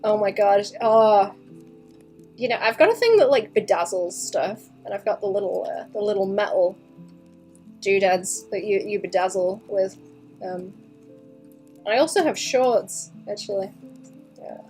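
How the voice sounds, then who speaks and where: A young woman streams her drawing work and chats casually with viewers. She mutters quietly to herself while she draws, then bursts into giggles and swears freely. Her pitch sits in the middle range, with faint music behind her. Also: lively intonation, measured pace, long pauses. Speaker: artist streaming a drawing session.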